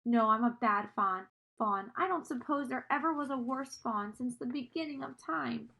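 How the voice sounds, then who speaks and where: A guilty, tearful male faun who talks through sobs and groans, as a woman reading aloud puts him on. His voice sits a little high and sounds heavy with sorrow. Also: normal speed, gravelly, pushed and bright. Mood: sobbing. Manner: sobbing, sorrowful.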